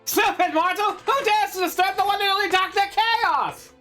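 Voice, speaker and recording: A woman's voice: very high voice, normal speed, fairly bright tone, faint music behind, voice pushed up. A woman voicing a pompous would-be male supervillain who still lives with his mother, ranting grandly as she reads game dialogue aloud. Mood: grandiose ranting. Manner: grandiose, ranting, then nervous and pleading.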